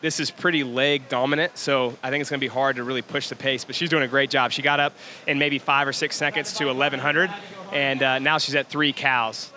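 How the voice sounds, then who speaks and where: A man giving lively, chatty commentary on a workout in a gym, laughing often. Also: medium pitch, a little fast.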